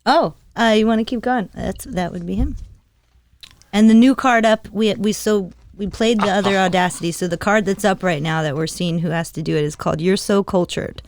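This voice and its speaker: A woman's voice: mid-range voice, normal speed. A woman guest on a casual podcast, chatty and explaining things.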